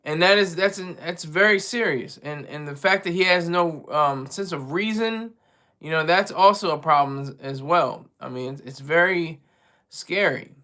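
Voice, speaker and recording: A man with a high, bright voice talks casually on a home livestream. He rambles and restarts his sentences often. He keeps putting himself down. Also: normal speed. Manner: rambling, self-deprecating, many restarts. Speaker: livestream co-host and regular caller.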